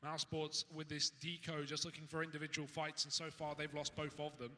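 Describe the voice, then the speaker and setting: A man calling an esports match play-by-play, with quick excitable delivery. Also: on the high side, big-room sound. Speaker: esports caster. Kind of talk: play-by-play commentary.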